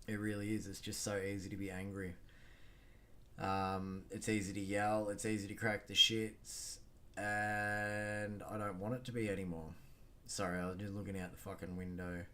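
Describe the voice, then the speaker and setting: A man's voice: on the low side, flat delivery, moderate pace, bright, forceful tone. An Australian man hosting a solo podcast, talking bluntly and rambling with lots of swearing and fillers. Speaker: podcast host. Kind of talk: casual solo podcast monologue.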